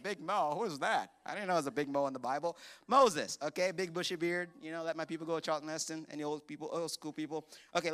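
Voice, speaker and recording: Male pastor, high bright voice, animated sermon, joking asides. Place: church hall.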